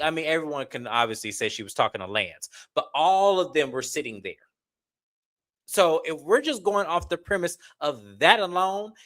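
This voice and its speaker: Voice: mid-range voice, a bit bright. A reality TV recap host talking casually to viewers, blunt, exasperated and profane.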